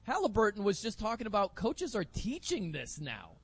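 A man hosting sports talk radio in an energetic, emphatic, opinionated way from a studio. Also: sits high, moderate pace, slightly rough.

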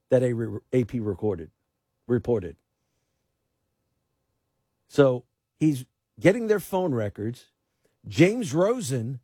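A man's voice: medium pitch, a little mellow, slightly rough, no echo. A man filling in as host of a talk radio show, giving emphatic political commentary and often restarting with repeated words.

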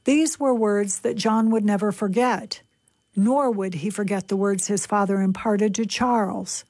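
A woman reading a book aloud on a radio show in a calm, measured way. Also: medium pitch, no room sound.

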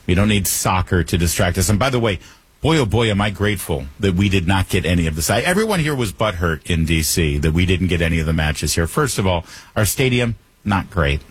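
A man's voice: low-pitched, lively intonation, a little fast, slightly rough, no echo. A male talk radio host delivering a joking monologue in a wry, teasing manner, slipping in puns.

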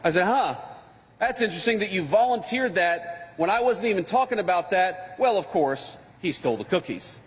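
Guy giving a speech in a big echoey hall, fairly high voice, folksy joking story. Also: lively intonation, normal speed. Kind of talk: public speech with anecdote.

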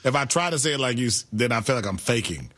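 Male radio co-host, husky voice, lively pitch, quick interjections. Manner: short agreeing interjections, joking.

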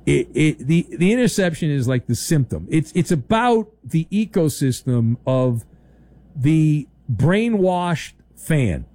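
A middle-aged male sports radio host with a fairly high voice that swings widely in pitch as he rants. His delivery is sarcastic and mocking, and the studio sound is dry and close. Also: dark tone, no room sound. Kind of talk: opinionated sports talk monologue.

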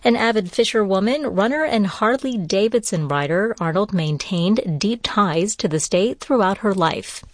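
A woman newscaster reading bulletin items in a measured, formal studio delivery. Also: mid-range voice, animated, no room sound. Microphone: studio microphone.

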